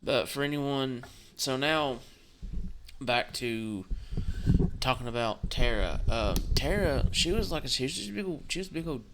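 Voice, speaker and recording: A man talking casually on his channel, subdued and tired, rambling with halting restarts and the odd curse. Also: medium pitch, lively intonation, a bit bright, a little hiss or hum. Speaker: gaming channel host. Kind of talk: casual vlog talk.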